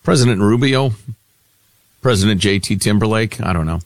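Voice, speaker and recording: A man's voice: lowish voice, moderate pace, no echo. A man co-hosting a talk radio show, chatting wryly about politics and teasing upcoming segments. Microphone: studio microphone.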